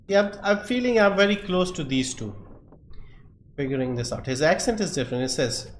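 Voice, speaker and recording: A man's voice: on the high side, animated, a little fast. A man streaming a game live, thinking aloud and muttering options to himself. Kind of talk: live gameplay commentary. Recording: echoey room, faint background noise.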